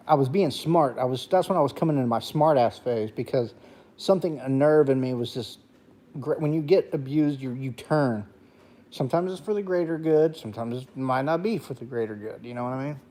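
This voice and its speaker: A man's voice: normal speed, mellow. A man, a gaming streamer, telling a long personal story in casual late-night talk, rambling and profane, with a dry throat. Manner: profane, rambling, jumps to high voice when quoting.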